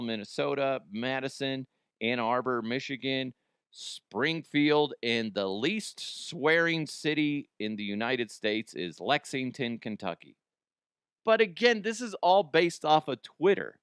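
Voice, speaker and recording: A man's voice: medium pitch, clean tone, no echo, clean studio sound. A man hosting a casual comedy talk show, joking loosely, cursing freely and reading an ad. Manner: loose, profane, jokey, animated outbursts. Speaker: radio show host.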